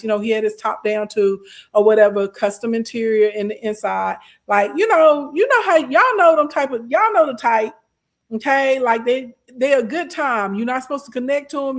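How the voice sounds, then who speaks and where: A young adult woman, casually telling a story to her live stream chat, sassy and animated. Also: fairly high pitch. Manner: animated, sassy, acts out quoted voices.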